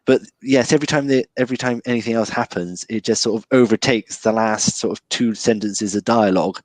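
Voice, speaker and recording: Low-ish guy, guest on a chat, lots of ums and restarts, dry mic. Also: fairly quick, dry recording. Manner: hesitant, restarts with many ums. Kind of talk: casual film discussion.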